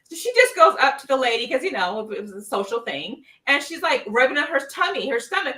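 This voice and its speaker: Woman, chat show guest, fairly high voice, roomy distant sound. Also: big pitch swings, a little fast, hardly any pauses, pushed and bright. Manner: chatty anecdotal storytelling. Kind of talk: casual chat. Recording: echoey, distant from the mic.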